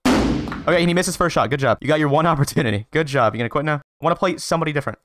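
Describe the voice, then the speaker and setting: A man giving casual gameplay commentary, trash-talking playfully with quick excited outbursts. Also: on the high side, background noise. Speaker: gaming video creator.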